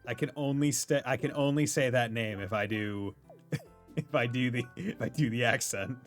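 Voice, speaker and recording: A man's voice: mid-range voice, moderate pace, faint music behind. Playful male streamer chatting over a game, mid-range voice. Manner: laughing, casual, playful. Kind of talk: live game playthrough commentary.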